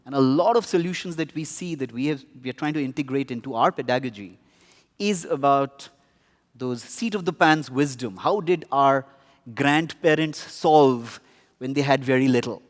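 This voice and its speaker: A man from India, speaking as a panellist, telling stories in a reflective, measured way. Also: mid-range voice. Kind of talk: conference talk. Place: large conference hall. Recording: reverberant hall.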